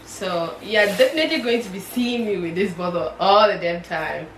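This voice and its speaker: A chatty, excitable woman unboxing on camera from her bed, her voice at a middle pitch. She sits back from the mic in a roomy-sounding space, with a faint hum of ambience behind her. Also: moderate pace, distant mic. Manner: chatty, excitable, squeals with delight. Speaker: vlogger. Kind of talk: casual unboxing vlog. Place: her bedroom.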